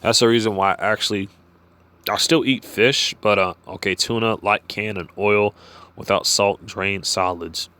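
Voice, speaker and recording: A man reading food figures aloud and then wandering into loose, halting asides, full of "uh" and "you know". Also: fairly low pitch, steady tone, sharp tone, clean tone. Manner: halting, many fillers and restarts when off script. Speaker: vlogger. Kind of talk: reading from a page and musing aloud.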